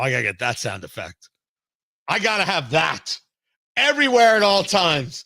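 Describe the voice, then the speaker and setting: A bright, high-pitched male talk radio host with a very lively, swooping delivery. He is sarcastic and opinionated, punching some lines and muttering others. His voice sounds dry and close to the mic. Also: moderate pace, creaky, no echo. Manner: animated, sarcastic, swings between loud jabs and low asides. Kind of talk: opinionated political commentary.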